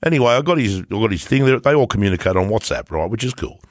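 A low-pitched man co-hosting a podcast, his voice swinging up and down in lively bursts as he tells a story, swearing and laughing as he goes. The sound is dry and close, with almost no room around him. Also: rapid-fire, no echo. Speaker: podcast co-host. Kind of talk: casual chat.

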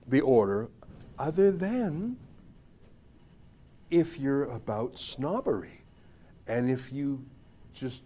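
A man's voice: medium pitch, darkish tone. A man hosting a commentary show, giving opinionated political commentary in a sarcastic, emphatic, mocking way.

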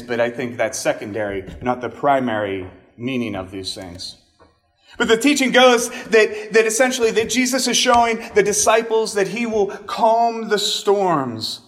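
A male pastor giving a conversational sermon, chatty, with casual asides and animated emphasis. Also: high-pitched.

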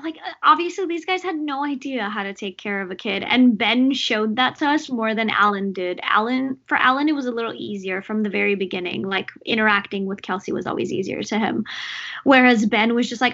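A young woman chatting casually about a movie, animated and full of fillers. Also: fairly high pitch, a little fast. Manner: animated, lots of fillers and laughter. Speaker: co-host discussing a movie. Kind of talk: casual chat. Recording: dull lo-fi sound.

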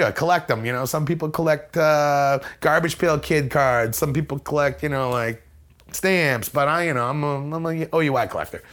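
A male interview guest with a fairly high, slightly bright voice and a moderate pace tells a casual, rambling story, mocking himself and restarting often. He acts out other people's lines in a raised voice.

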